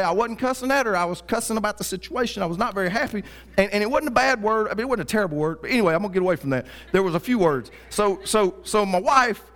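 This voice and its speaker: A pastor telling a funny personal story in a sermon, with lively asides to the congregation. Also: male voice, high-pitched. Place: church.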